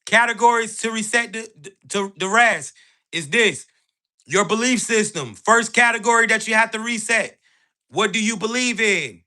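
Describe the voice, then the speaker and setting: His voice sits high, bright and forceful, at a moderate pace as he hosts a motivational livestream. Bluntly profane and heavy on street slang, he keeps checking in with "right?"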